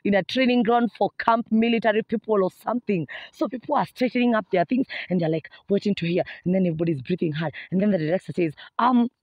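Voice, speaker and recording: A young woman with a Kenyan accent telling a humorous personal story to her viewers in an animated way. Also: mid-range voice, quick pace, hardly any pauses, dry recording, dull audio. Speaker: vlogger. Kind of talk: storytime vlog.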